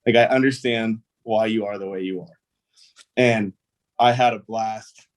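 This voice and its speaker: This young pro baseball player, appearing as a guest, speaks with a fairly low pitch and fairly even intonation at a slightly slow pace. He tells stories in a casual interview, easygoing and rambling, with lots of fillers.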